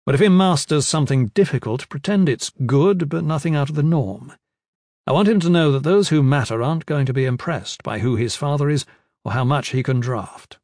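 A man's voice: medium pitch, lively intonation, a little fast, a little mellow, no echo, clean studio sound, lightly acted. A man voicing a powerful male lord who speaks earnestly and gives firm orders. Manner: earnest, commanding.

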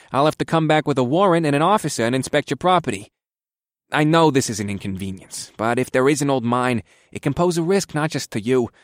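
A man's voice: on the high side, dry recording, studio quality, pitched above the performer's own voice, close to an everyday voice. Man doing a nervous, apologetic inspector. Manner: apologetic, stammering.

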